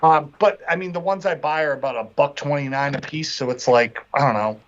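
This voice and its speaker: A man's voice: fairly high pitch, fairly quick, a bit bright. A man co-hosting a podcast, talking shop in a laid-back way, hesitant and full of fillers. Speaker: podcast co-host. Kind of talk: casual chat. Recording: dull lo-fi podcast audio.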